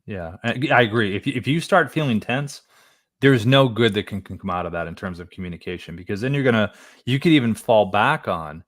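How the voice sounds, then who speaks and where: A male podcast host talks quickly and eagerly, bouncing ideas back at his guest. His voice is close and dry, with no room sound around it. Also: on the low side, expressive, fairly bright tone, no echo. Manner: enthusiastic, quick back-and-forth. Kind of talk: casual interview chat.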